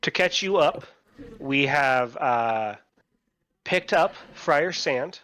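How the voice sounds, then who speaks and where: A man of middle pitch runs an online tabletop game as dungeon master. He narrates in a halting way, restarting phrases and leaning on fillers. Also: animated, fairly bright tone.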